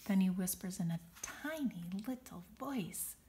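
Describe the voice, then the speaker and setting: A woman reading a children's picture book aloud, expressive and dramatic on the sound words. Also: medium pitch, measured pace, slight background noise. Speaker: storybook reader.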